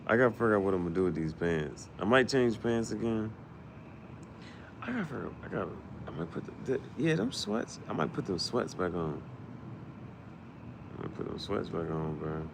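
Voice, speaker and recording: A man's voice: on the low side, big pitch swings, fairly quick, gravelly, background noise. A man, rambling in a loose, joking monologue and often laughing. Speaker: vlogger.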